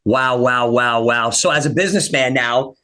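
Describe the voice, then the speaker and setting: A man's voice: mid-range voice, normal speed, pushed and bright. A man hosting an interview, asking questions with short encouraging affirmations. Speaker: interview host.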